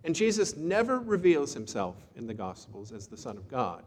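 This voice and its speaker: A man's voice: medium pitch, huge pitch swings, normal speed. A man preaching a sermon as an Episcopal priest, telling a Bible story in a casual, conversational way with folksy asides. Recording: long reverb in a church hall.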